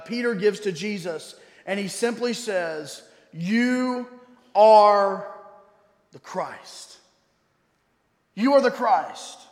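A man preaching a sermon as pastor. He is emphatic, slows down to stress key words and drops suddenly to a quiet voice. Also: high voice. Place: church sanctuary. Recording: echoey hall with long reverb.

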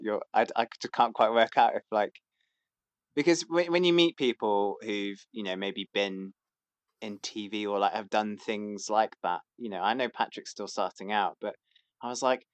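A man's voice: on the low side, no room sound. A man, chatting hesitantly as a podcast guest, with many fillers and restarts. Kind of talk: casual chat.

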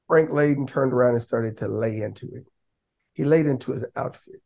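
A man talking casually as a podcast guest, telling lively stories and breaking into raised voices to act out what others said. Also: medium pitch, a little fast, gravelly. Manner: animated, laughing, acts out quotes in raised voice. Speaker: podcast guest, basketball coach. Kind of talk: casual storytelling.

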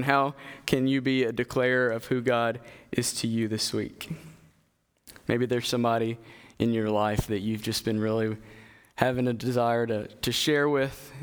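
Male preacher, mid-pitched, earnest and halting, preaching and reading scripture in a hall with long reverb. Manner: earnest, halting, with fillers and restarts.

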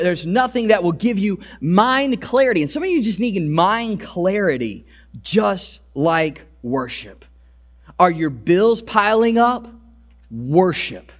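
A male pastor preaching a sermon with animated delivery, often repeating his first words as he starts a sentence. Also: high voice. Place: church service, also streamed.

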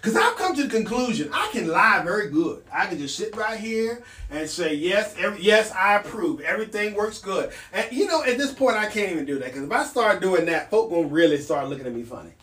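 A man's voice: high-pitched, very animated, fairly quick, few pauses, a bit bright, far from the mic. A man hosting a casual solo podcast, talking bluntly and with a sardonic edge. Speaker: podcast host. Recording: echoey room, off mic.

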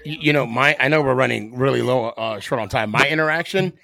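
A man's voice: medium pitch, fairly quick, gravelly, sharp tone, no room sound. A man co-hosting a casual sports talk show, asking curious, joking questions. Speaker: podcast co-host. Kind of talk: casual chat.

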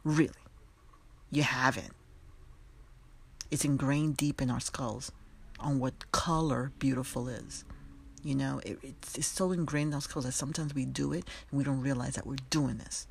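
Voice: medium pitch, steady tone, moderate pace, gravelly, husky. A podcast host giving a passionate, emphatic solo commentary. They speak straight to the listeners in a conversational way, with asides and laughter.

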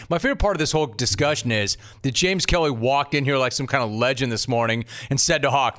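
A man hosting a sports talk radio show, bantering in an animated, mocking, rapid-fire way. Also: medium pitch.

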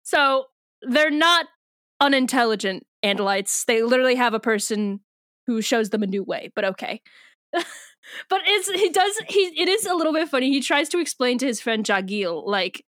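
A woman's voice: on the high side, animated, a bit bright, no room sound, clean studio sound. A young woman co-hosting a casual book podcast, laughing often and briefly acting out characters' lines. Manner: giggly, acts out characters in quick voices. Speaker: podcast co-host.

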